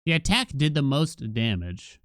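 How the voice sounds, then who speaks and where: A man streaming a game, chatting casually and telling an animated story with sudden exclamations. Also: mid-range voice, normal speed, no room sound. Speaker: gaming streamer. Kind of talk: casual gameplay commentary with storytelling.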